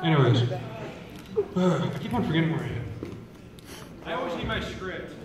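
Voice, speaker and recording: A man's voice: a little high, sing-song, unhurried. A young man doing stand-up at a school talent show, telling chatty stories and asking the crowd questions. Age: young adult. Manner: chatty, asks the crowd questions, acts out relatives. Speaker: student comedian. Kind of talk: stand-up storytelling. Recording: echoey hall from far off.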